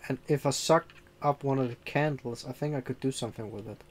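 A man's voice: medium pitch, a little fast, a little hiss or hum. A man giving casual gameplay commentary, loose and joking, cursing now and then as he plays. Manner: loose and joking, swears casually, reads game dialogue aloud. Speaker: let's play gamer.

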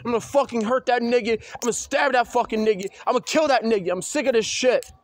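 A man ranting on his own in an agitated, repetitive way, swearing and breaking into loud outbursts. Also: very high-pitched, fast, dry recording. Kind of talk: solo rant to camera.

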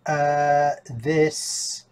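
A man's voice: on the high side, fairly even intonation, extremely slow, darkish tone, clean tone. A man hosting a reaction video, talking casually and hesitantly with lots of fillers and dry jokes.

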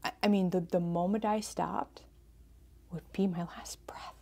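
A woman's voice: lowish voice, fairly even intonation, measured pace, creaky, warm tone. A woman hosting an advice podcast as a family therapist, talking earnestly and repeating phrases for emphasis.

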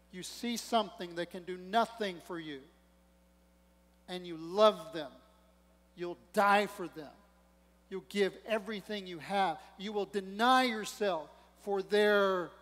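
High-voiced pastor preaching, animated with jokes and acted-out quotes, long echoey church hall. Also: male voice, takes it slowly. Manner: preaching with rising emphasis and humor, acting out quotes. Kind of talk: sermon. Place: church sanctuary.

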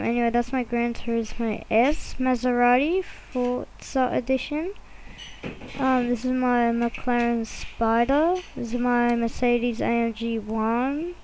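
A woman's voice: fairly high pitch, darkish tone, a little hiss or hum, poor audio. A woman giving casual, rambling commentary while she plays a driving game, with many fillers and restarts. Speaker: gameplay video creator.

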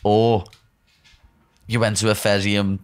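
A man's voice: lowish voice, flat delivery, unhurried, smooth. A man with a Liverpool Scouse accent hosting a podcast, chatting casually in loose slang, rambling and playful. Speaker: podcast host. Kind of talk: casual chat.

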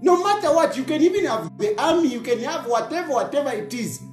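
A man's voice: very high voice, expressive, quick pace, echoey room, soft background music. A Zambian man giving political commentary, mocking and hammering away with repeated rhetorical questions. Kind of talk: opinionated online commentary.

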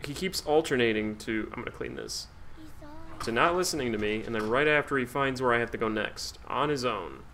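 A man's voice: medium pitch, lively intonation, brisk, sharp tone, a little hiss or hum. A man streaming a video game, talking casually, with sarcastic, profane grumbling at the game. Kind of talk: casual let's-play commentary.

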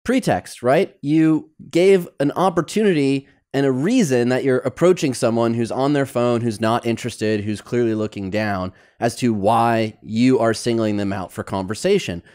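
A man hosting a podcast interview, asking measured follow-up questions and summarizing the guest's points. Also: mid-range voice, darkish tone. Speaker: podcast host.

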